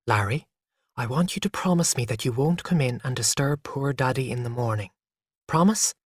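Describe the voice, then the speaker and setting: A narrator doing a soft-spoken patient mother. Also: mid-range voice, expressive, moderate pace, no echo, clean studio sound, close to an everyday voice. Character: patient, gentle young mother.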